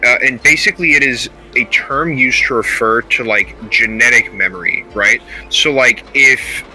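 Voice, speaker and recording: A man co-hosting a casual podcast chat, excitable and rambling, swearing and bursting into loud high exclamations. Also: normal speed, soft background music. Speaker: podcast co-host.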